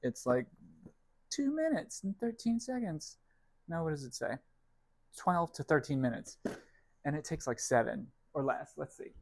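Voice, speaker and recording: A man's voice: fairly high pitch, big pitch swings, measured pace, creaky, long pauses, a little mellow, no echo. A young man rambling casually to the camera and his cats while baking in his home kitchen, self-deprecating and wry. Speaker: vlog host. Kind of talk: casual cooking vlog chat.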